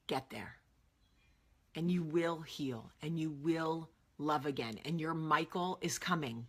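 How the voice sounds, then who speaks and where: A woman's voice: low-pitched, sharp tone. A woman hosting an advice vlog, earnest and direct, repeating phrases for emphasis. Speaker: vlog host.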